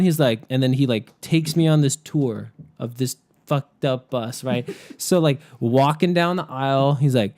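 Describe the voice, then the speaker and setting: Animated, laughing man telling a story. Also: a little high, moderate pace. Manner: animated, laughs often, filler "like" throughout. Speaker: podcast guest storyteller. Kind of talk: casual storytelling.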